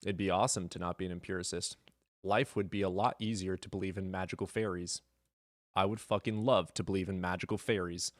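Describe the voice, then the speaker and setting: A man with a low voice hosts a casual live stream and answers his chat in a blunt, sarcastic way, swearing freely. The sound is dry and close to the mic, with no room around it. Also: steady tone, fairly quick, no room sound. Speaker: streamer hosting a debate stream.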